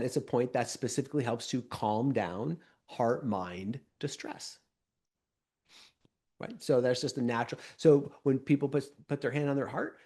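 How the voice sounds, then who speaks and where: A man co-hosting a podcast as a somatic coach, explaining calmly and often checking in with "right?". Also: mid-range voice, vocal fry.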